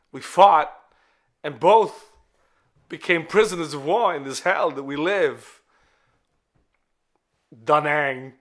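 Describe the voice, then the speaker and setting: A man puts on a grizzled war veteran addressing a boy, his delivery loud, dramatic and solemn. The tone is bright and forceful. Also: fairly high pitch, exaggerated voice.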